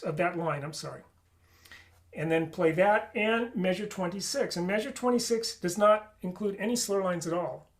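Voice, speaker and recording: High-voiced man teaching flute rhythms. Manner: explains, then sings rhythms on syllables. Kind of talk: online music lesson.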